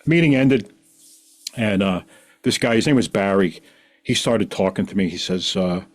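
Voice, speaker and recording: A middle-aged man, a podcast guest, telling a long personal story in a rambling, animated way and acting out the voices of people in it. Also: on the low side, moderate pace. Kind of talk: casual storytelling.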